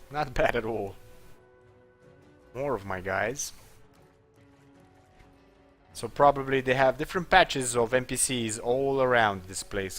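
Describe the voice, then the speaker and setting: A man's voice: medium pitch, a bit bright. A man giving casual let's-play commentary, thinking aloud and chuckling as he plays. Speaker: gameplay commentator.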